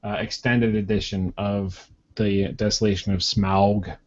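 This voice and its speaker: A man's voice: on the low side, little pitch movement, unhurried, dull audio. A man co-hosting a podcast in casual chat. He talks in an easygoing, rambling way. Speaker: podcast co-host.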